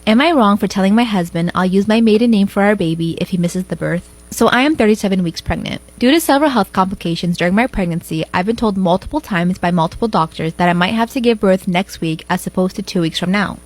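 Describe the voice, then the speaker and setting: A woman reading out a personal forum story in a flat, quick recital. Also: mid-range voice. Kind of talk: rapid scripted narration.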